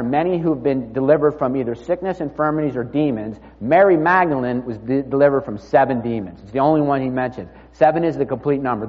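Man preaching in a reverberant hall. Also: mid-range voice. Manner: conversational storytelling, drops to near-murmur. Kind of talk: sermon. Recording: dull sound with long reverb in a hall.

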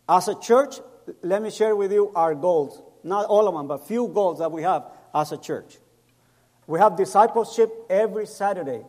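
A middle-aged man from El Salvador, a pastor with a high yet somewhat dark voice, preaches in an echoey hall. His sermon weaves in personal stories, and he acts out the voices of people he quotes, speaking with non-native grammar.

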